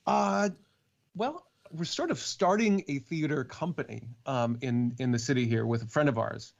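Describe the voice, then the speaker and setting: A man's voice: mid-range voice, normal speed, vocal fry, highs cut off. Chatty actor man, easygoing. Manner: chatty, lots of fillers and restarts. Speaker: audiobook narrator and actor. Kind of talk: casual podcast interview.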